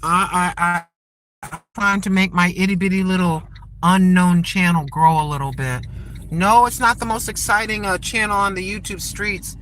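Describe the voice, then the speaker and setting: Chatty older grandma talking while driving. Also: female voice, lowish voice, steady tone, normal speed, low-quality recording. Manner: chatty, folksy, religious, pleading for subscribers. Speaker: channel host. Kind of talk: casual vlog talk while driving. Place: inside a car on the road. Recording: loud road noise from a moving car.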